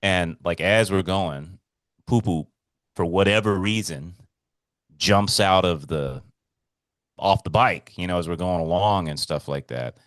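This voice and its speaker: A man hosting a podcast, telling a story in an excitable, rambling way with casual swearing and lots of repetition. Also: low-pitched, unhurried, long pauses, dry recording. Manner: excitable, swears freely, repeats himself. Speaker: podcast co-host.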